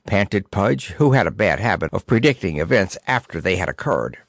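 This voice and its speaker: A man reading a children's storybook aloud in an expressive, theatrical way. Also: low-pitched, moderate pace, no echo, clean studio sound. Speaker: audiobook narrator. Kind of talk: storybook narration.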